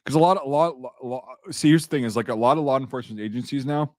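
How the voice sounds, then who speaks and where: A man's voice: medium pitch, quick pace, a little mellow, dry recording. Rambling, profane man in dry close sound. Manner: rambling, profane, many restarts and fillers. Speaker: podcast host. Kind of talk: casual chat.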